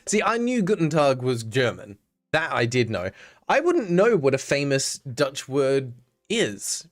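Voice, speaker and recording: An Australian man chatting casually on a live stream, laughing often and answering his chat. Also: medium pitch.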